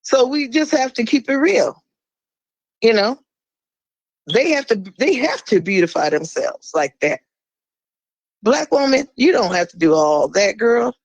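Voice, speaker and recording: A woman speaking as a guest in a podcast conversation, blunt and fiery. She swears freely and drops suddenly into a low, slow voice for emphasis. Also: very animated, no room sound, highs cut off.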